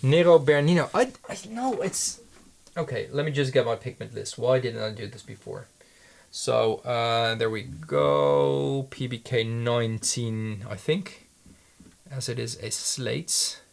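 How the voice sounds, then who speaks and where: Gravelly man rambling through studio chat. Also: medium pitch. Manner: rambling and hesitant, many restarts. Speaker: handmade paint maker. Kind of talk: casual thinking-aloud studio chat. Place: home paint studio.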